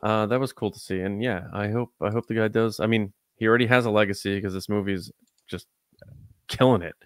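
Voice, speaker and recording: A man's voice: on the low side, fairly even intonation, fairly quick, dry recording, clean studio sound. A man co-hosting a podcast in casual chat, rambling with many likes and restarts. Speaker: podcast co-host.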